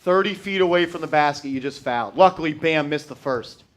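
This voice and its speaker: A man hosting a fan live stream, calling play-by-play and getting loud and profane when his team messes up. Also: a little high, brisk. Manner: excitable, shouts and swears at bad plays.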